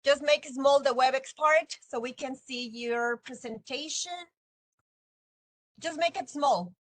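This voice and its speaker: High-voiced teacher, chatty. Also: female voice, takes it slowly, no echo, rough recording. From Mexico. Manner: chatty, laughs often, storytelling. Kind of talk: online class, casual lecturing. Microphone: video call.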